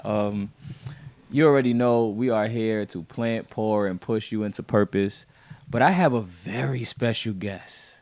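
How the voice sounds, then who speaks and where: Excitable low-voiced male podcast host. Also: a little slow, no echo. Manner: warm, effusive, excitable. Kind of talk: faith podcast conversation.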